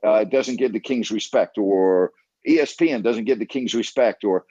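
A man's voice: fairly low pitch, normal speed, dark tone, no room sound, dull audio. A man hosting a call-in sports radio show, blunt and emphatic, who keeps repeating himself to press his point.

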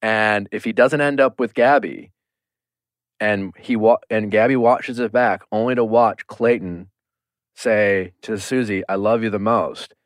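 A man hosting a podcast in casual chat, animated and swearing, acting out quotes as he talks. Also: lowish voice, measured pace, no echo, clean studio sound. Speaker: podcast host.

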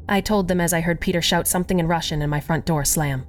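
A woman narrates a first-person horror tale in an expressive, scripted delivery. Her voice sits on the low side, with faint music underneath. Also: fast talker.

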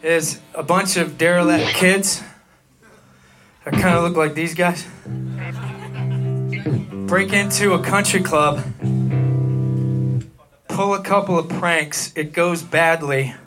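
A high-voiced man rambles through a joking, profane story in a casual interview. Loud guitar music plays clearly behind him in this archival footage. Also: fairly even intonation, slow pace, long pauses. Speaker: band member.

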